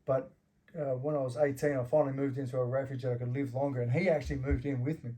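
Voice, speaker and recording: A middle-aged Australian man telling rough stories in casual, profane talk, laughing as he goes. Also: mid-range voice, fairly even intonation, fast, warm tone. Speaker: interview guest. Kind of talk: casual storytelling with heavy swearing.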